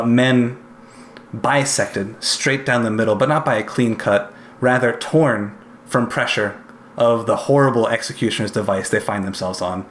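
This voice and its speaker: A man's voice: mid-range voice, reverberant, a little hiss or hum. A man narrating a tabletop game as game master, descriptive and hesitant, with frequent fillers.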